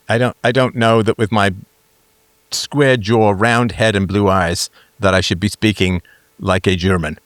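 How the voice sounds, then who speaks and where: A man's voice: on the low side, steady tone, unhurried, a bit bright, no echo. A middle-aged man hosting a live talk show, musing aloud in a jokey way, full of fillers and restarts. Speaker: host.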